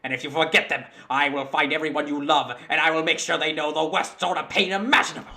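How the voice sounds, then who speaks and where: A man's voice: on the high side, fairly even intonation, fast, bright, forceful tone. A British man voicing a hammy, menacing villain who orders politely and then threatens. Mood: mock menacing.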